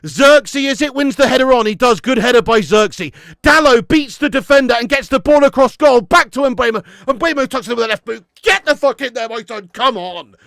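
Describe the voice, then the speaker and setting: A man hosting a live football watch-along, shouting at the players, swearing freely and chatting with viewers. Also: very high voice, moderate pace, creaky, few pauses, no room sound, studio quality. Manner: excitable, sweary, shouts at the screen; reads out and answers viewer chat. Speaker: watch-along streamer host.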